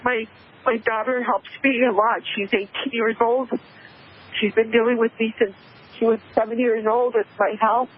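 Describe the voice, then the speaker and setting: A woman calling into a radio talk show, emotional and tearful, speaking haltingly over a muffled phone line. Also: on the high side, fairly even intonation, breathy edge. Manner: halting, hesitant speech. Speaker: caller. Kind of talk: call-in radio conversation.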